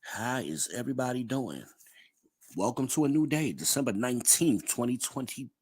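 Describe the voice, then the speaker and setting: A man's voice: mid-range voice, expressive, normal speed, a little mellow, breathy edge. A man hosting a podcast livestream, chatting casually, reading out comments and laughing often. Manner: chatty, reads chat aloud, laughs often. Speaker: podcast host.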